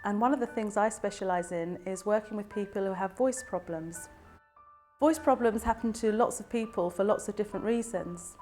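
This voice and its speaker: Calm woman explaining clearly. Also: mid-range voice, normal speed, faint music behind. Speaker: speech and language therapist. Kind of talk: explanatory educational talk to camera.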